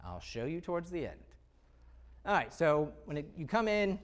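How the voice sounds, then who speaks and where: A man giving an energetic, conversational presentation to real estate agents, full of rhetorical questions. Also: a little high, moderate pace. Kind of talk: live sales presentation.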